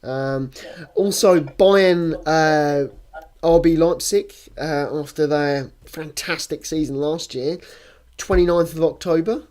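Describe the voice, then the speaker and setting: A man's voice: a little high, slow, darkish tone. A young man co-hosting a casual sports podcast, rambling and teasing with lots of fillers. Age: young adult. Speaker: podcast co-host. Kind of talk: casual chat.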